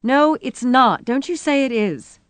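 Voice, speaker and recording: A woman voicing a battered adult woman who is crying, shrill and furious. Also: moderate pace, creaky, a little mellow, no room sound. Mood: tearful rage. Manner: sobbing, shrill, furious outbursts.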